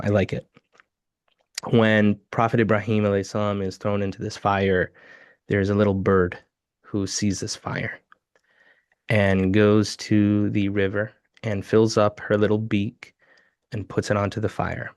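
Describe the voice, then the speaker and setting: A man's voice: lowish voice, no room sound. Earnest storytelling man, dry close sound. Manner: earnest storytelling, building to emphatic lists. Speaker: webinar co-host. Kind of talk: live webinar talk.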